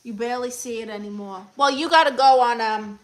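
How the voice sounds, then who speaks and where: A woman hosting a comedy livestream as an advice-giving aunt, chatting casually with a sassy, teasing manner and reading comments out loud. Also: fairly high pitch, fairly quick, rough recording. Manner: coos baby talk at her dog.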